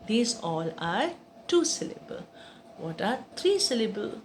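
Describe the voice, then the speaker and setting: Slow, lively-voiced woman teaching children. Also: a little high, a little hiss or hum. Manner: slow, repeats each point, asks and answers own questions. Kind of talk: grammar lesson for children.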